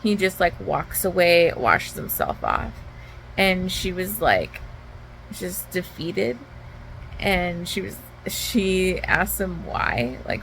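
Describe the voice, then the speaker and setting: A woman's voice: fairly low pitch, big pitch swings, slow, vocal fry, a bit bright, a little hiss or hum, rough recording. A woman book vlogger at home, giving a candid, heated retelling of a novel in a casual reading vlog, with lots of "like.".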